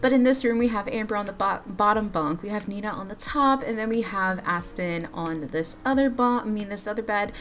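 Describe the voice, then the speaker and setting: A woman's voice: medium pitch, fairly quick, few pauses, a bit bright. A woman giving chatty, bubbly commentary over a life-sim game, laughing often as she talks to her viewers. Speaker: life-sim gameplay YouTuber. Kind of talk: casual gameplay commentary.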